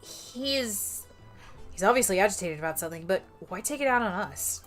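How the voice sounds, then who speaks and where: Woman doing a soft-spoken young detective, quietly musing. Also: medium pitch, expressive, moderate pace, faint music behind, pitched below the performer's own voice, lightly acted. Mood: pondering.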